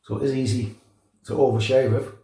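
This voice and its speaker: A man's voice: mid-range voice, steady tone, brisk, mellow. A middle-aged man from North West England with a Liverpool accent, chatting and joking casually while he shaves. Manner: chatty, jokey storytelling with chuckles. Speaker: shaving channel host. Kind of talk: casual chat while shaving. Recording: echoey room.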